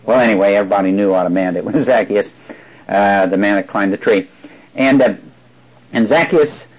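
A man's voice: on the low side, moderate pace, breathy edge, dull audio. A man preaching a sermon, explaining and repeating words for emphasis, with frequent fillers.

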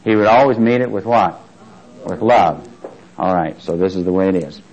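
A man's voice: sits low, moderate pace, darkish tone, dull audio. A man preaching a sermon in a conversational way, questioning his listeners and swelling on key words. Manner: conversational, asks the congregation questions.

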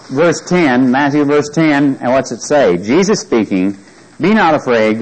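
A man's voice: medium pitch, rough recording. Man teaching a Bible study. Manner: asks the listeners questions often; reads scripture aloud with emphasis.

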